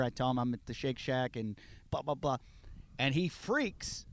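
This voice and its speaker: Here a podcast guest, a man with a medium-pitched voice, tells an animated, casual story at a brisk clip, playing out the people in it. No echo is present.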